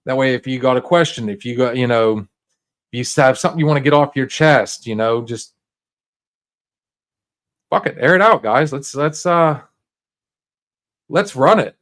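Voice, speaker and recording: Man, livestream host, casual and rambling, mid-pitched, lots of restarts. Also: fairly bright tone. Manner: rambling, halting, many restarts and fillers; laid-back and encouraging, talks straight to viewers.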